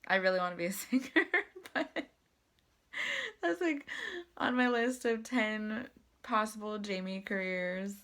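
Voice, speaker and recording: A woman's voice: mid-range voice, a little slow, pauses often, a bit bright. A young adult woman talking casually to camera about breathing and meditation, chatty and self-deprecating, with lots of fillers. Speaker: vlogger.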